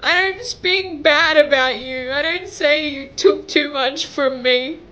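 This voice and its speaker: A woman's voice: sits high, slow, pushed and bright, highs cut off. A young woman vlogger making an emotional message to camera, pleading and tearful, her voice breaking as she cries at times. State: crying at times.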